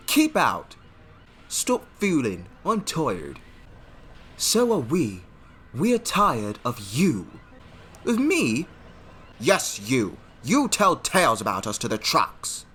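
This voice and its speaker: Squabbling talking engines fill this fan audio drama, each one prim and touchy, as a man puts them all on. The pitch swoops all over the place, and the delivery is slow and drawn out. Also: fairly bright tone, husky, heavily acted. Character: several talking steam and diesel engines, all male.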